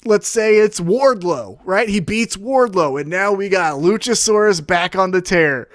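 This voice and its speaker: A man co-hosting a casual podcast, spinning an animated story and acting out quoted lines as he goes. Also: high-pitched, measured pace, no room sound, studio quality. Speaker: podcast co-host. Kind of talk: casual wrestling podcast chat.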